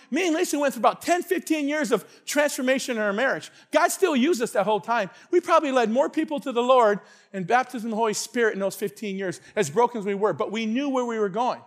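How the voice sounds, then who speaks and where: A man preaching a sermon in a church, excitable and shouting at times, often repeating his words as he goes. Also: high voice. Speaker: pastor. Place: church sanctuary.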